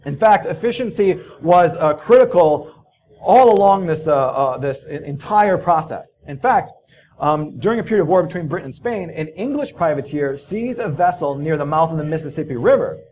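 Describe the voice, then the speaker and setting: A man with an expressive, darkish voice on the high side talks at a moderate pace in a conference hall. His casual conference talk consists of loose, profane stories full of fillers.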